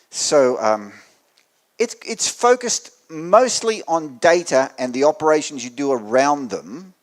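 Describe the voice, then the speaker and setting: A man with an Australian accent giving a technical meetup talk to an audience, with dry joking asides and swings in loudness. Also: medium pitch. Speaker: conference speaker. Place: meetup venue before an audience.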